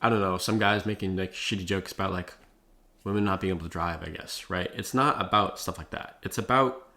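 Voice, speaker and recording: Talking to the camera, a young male vlogger offers profane, laid-back advice peppered with "like" and "bro." He sounds a bit low-pitched yet pushed and bright, speaking slightly fast.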